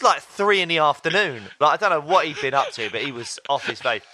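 Bright-voiced man chatting on a podcast. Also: a little high, fast, few pauses. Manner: relaxed storyteller, acts out quotes. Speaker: podcast co-host. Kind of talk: casual chat.

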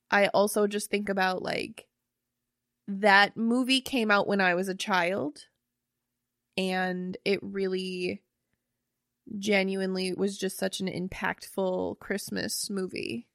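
A woman's voice: mid-range voice, flat delivery, slow, vocal fry, pauses often, fairly bright tone, no room sound, studio quality. A young woman co-hosting a podcast in casual chat, chatty and casual, swearing freely.

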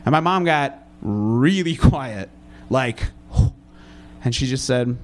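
A young man doing a stand-up comedy set, wry and self-mocking, with a flat delivery that undercuts his sincerity. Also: medium pitch, takes it slowly, slight background noise.

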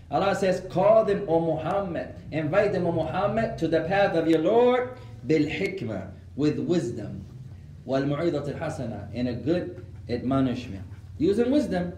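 A man with a somewhat high voice teaches an Islamic class, switching between English and recited Arabic phrases. He tells stories with animated asides and takes questions from students. The room is echoey. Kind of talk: lecture with Q&A.

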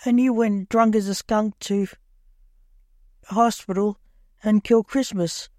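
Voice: mid-range voice, steady tone, slow, dark tone, dry recording, clean studio sound, lightly acted. A narrator voicing a stern Grim Reaper king. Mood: disgusted scolding. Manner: snapping, disgusted.

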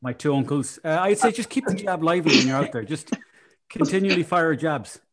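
An Irish man as a podcast guest, rambling in deadpan jokes and casual chat. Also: on the high side, brisk, slight background noise. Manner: deadpan joking, rambling, apologetic. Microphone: online call.

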